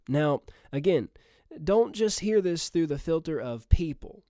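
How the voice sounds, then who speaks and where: A man's voice: on the high side, expressive, measured pace, warm tone, no echo, clean studio sound. A man preaching a sermon emphatically, repeating phrases and calling out to his listeners.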